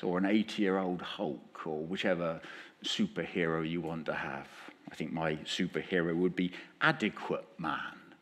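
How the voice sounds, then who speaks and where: Man, preacher, sermon, animated pitch, conversational delivery. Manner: lively, with acted-out quotes. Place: church.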